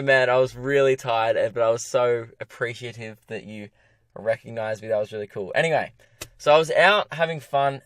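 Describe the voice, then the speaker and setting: A young Australian man rants through a solo comedy podcast from his parked car, exasperated and rambling, often poking fun at himself. His voice sits at a middling pitch. The sound is close and dry, with no room echo. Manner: exasperated, ranting, self-mocking.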